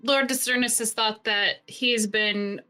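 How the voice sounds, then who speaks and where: Woman GM, bright, slightly high voice, casual and chatty, online call mic. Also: steady tone, a little slow, faint music behind. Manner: loose and chatty, lots of fillers. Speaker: game master. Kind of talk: casual tabletop game narration.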